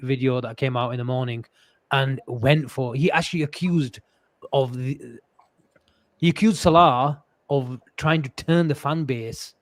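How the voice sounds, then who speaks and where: Podcast host, mid-pitched, dry close recording, measured and disappointed. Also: male voice, no room sound. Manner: disappointed, questioning. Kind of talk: podcast discussion.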